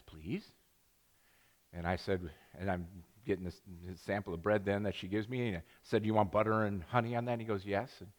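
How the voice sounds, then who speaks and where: Grandfatherly pastor with lively, rambling delivery. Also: lowish voice, big-room sound. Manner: rambling storytelling with many restarts and asides; self-deprecating humor. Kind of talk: sermon. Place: church sanctuary.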